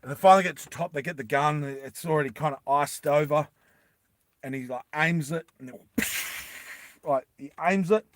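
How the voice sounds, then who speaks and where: A man casually retelling an adventure story in a rambling, animated way with many fillers. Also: fairly high pitch, normal speed, long pauses, a little hiss or hum.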